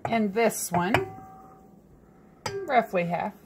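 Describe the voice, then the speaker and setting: A woman's voice: mid-range voice, drawn-out words. A woman hosting a casual cooking demonstration in a home kitchen, chatty and teasing as she talks through each step. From New Mexico. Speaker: cooking show host. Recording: loud kitchen mixer noise.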